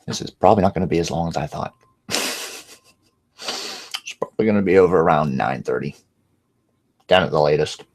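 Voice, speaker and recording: A man's voice: rumbling low, fairly quick, pauses often, a little mellow. A male impressionist chatting casually to viewers on a livestream, rambling and self-mocking. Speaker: impressionist streamer.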